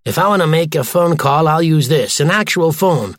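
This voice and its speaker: A stubborn old platypus cop who grumbles about everything, as a man puts him on. The voice sits a little high and the sound is close and dry. It is a storybook figure with plenty of bluster. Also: lively intonation, moderate pace, dry recording, lightly acted. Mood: grumbling.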